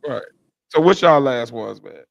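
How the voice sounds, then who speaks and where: A man's voice: medium pitch, measured pace, gravelly, no echo. A man co-hosting a podcast in heated casual chat, speaking in a needling way and arguing point by point. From United States. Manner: needling, lively, argues on points. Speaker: podcast co-host.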